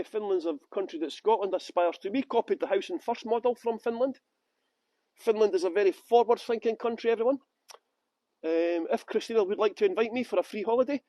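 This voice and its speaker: A man from West Yorkshire leads a live-streamed walking tour outside on city streets, joking with his viewers and greeting them by name. His voice sits high for a man, and it comes across close and dry with hardly any reverb. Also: warm tone. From Halifax, West Yorkshire, England. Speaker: tour guide.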